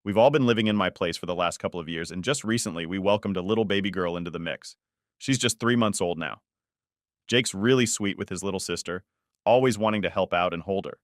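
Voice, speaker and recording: A man narrating first-person stories in an even, unhurried storytelling read. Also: low-pitched, no echo, studio quality. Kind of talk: scripted narration.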